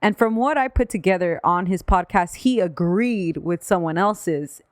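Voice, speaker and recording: Blunt low-voiced woman co-host. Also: normal speed, no echo, clean studio sound. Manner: blunt, profane reactions. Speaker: podcast co-host. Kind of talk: casual chat.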